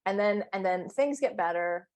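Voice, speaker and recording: Playful, animated woman coach. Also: medium pitch, normal speed. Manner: animated, playful storyteller with big exclamations. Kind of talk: casual interview chat.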